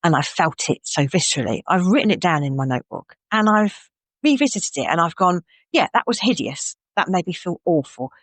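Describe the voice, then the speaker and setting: A woman's voice: lowish voice, expressive, brisk, dry recording. A woman co-hosting a podcast in casual chat, talking candidly and reflectively as she thinks aloud. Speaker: podcast co-host.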